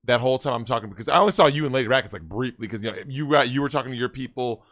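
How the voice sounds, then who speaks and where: A man telling a story in casual chat, animated, swearing and repeating himself. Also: medium pitch, rapid-fire. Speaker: guest.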